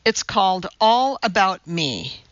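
A woman doing a shrill strict schoolteacher. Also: sing-song, takes it slowly, dry recording, muffled recording. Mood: stern. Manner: sharp, huffy and shrill when scolding. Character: strict, irritable woman kindergarten teacher.

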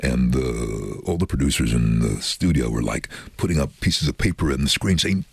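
A man telling stories in an interview about his voice-over work, animated and acting out the voices he quotes. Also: moderate pace, dry recording. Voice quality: very deep, husky. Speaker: voice-over artist. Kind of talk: casual interview storytelling.

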